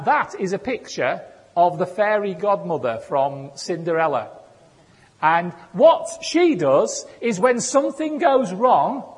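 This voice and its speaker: A man's voice: high voice, husky. A man giving a sermon in a conversational way, with self-deprecating humor. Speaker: preacher. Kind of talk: sermon with personal stories. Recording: echoey hall.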